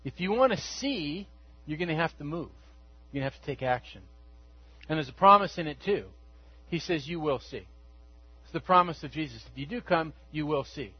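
A man with a high, husky voice preaches a sermon in a relaxed, conversational storytelling way, slipping into the speakers' voices as he quotes them. The sound is dry and a little dull, like a lo-fi church recording. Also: normal speed, no room sound. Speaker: pastor.

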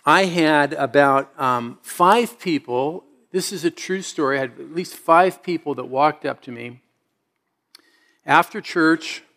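A middle-aged man delivers a sermon in a relaxed, storytelling manner. His voice sits slightly high for a man. He moves from easy anecdotes into earnest, rising appeals to his congregation. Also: unhurried. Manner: conversational storytelling with emphatic rising exhortations. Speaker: pastor.

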